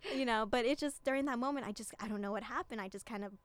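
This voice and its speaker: A woman's voice: a little high, fast talker, dry recording. A young woman co-hosting a podcast, telling a personal story in a chatty, casual way with lots of filler words in a studio. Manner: chatty storytelling, heavy use of "like". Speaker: podcast co-host. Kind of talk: casual chat.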